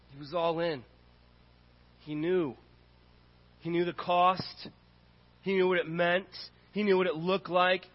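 A man preaching a sermon as pastor, earnest and repetitive in his cadence. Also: fairly high pitch. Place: church sanctuary. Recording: dull audio in a reverberant hall.

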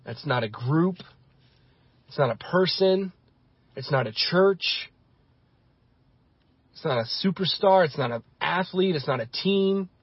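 A man's voice: fairly high pitch, slightly rough, dry recording, lo-fi sound. A male pastor giving an impassioned sermon, building his points through repeated phrases.

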